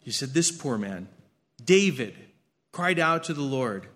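A man preaching a sermon and reading scripture aloud, earnest, swinging between emphatic lines and hushed ones, often repeating his words. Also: mid-range voice, sing-song, unhurried. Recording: long hall reverb.

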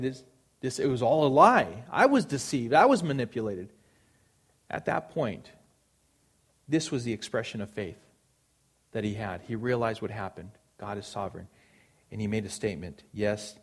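A man preaching a sermon, earnest and emphatic, repeating phrases for stress. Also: mid-range voice.

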